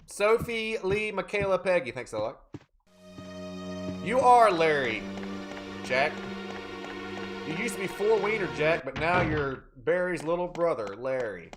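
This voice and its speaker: Playful, animated male game streamer. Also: fairly high pitch, normal speed, over music. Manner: joking, playful, chatting with viewers. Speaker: livestreaming gamer. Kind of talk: casual live-stream chat.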